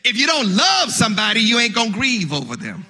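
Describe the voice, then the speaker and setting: A male pastor delivering a funeral sermon, with rhythmic preaching that swells into shouted, sung cadences and words repeated as he starts his phrases, in a church sanctuary. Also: very high-pitched, wildly swooping pitch, a little fast. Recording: long hall reverb.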